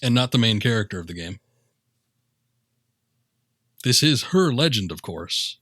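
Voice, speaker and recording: A man's voice: fairly low pitch, very animated, unhurried, a bit bright, dry recording. A man streaming a video game, talking casually and joking at himself as he plays. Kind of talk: casual gameplay commentary.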